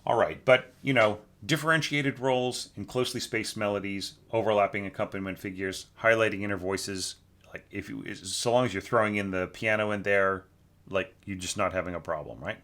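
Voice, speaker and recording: A man's voice: on the low side, steady tone, fairly quick, fairly bright tone. A man giving a casual spoken critique of a student's orchestration, with lots of fillers and tag questions. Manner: informal, hums and scats musical lines to show phrasing. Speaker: orchestration teacher reviewing a student score.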